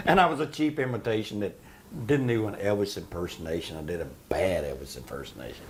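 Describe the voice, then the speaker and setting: A man telling wrestling-career stories in an interview, animated and profane, laughing often. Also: fairly low pitch, normal speed, long pauses, very noisy. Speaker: interview guest, retired wrestler. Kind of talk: shoot interview storytelling.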